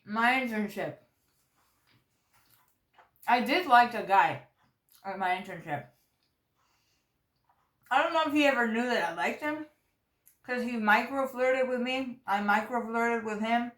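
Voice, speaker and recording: Chewing food as she talks, a young woman vlogger rambles through a story in a casual chat, using "like" constantly. Her fairly high, slightly bright voice moves at a measured pace with frequent pauses, in an echoey room.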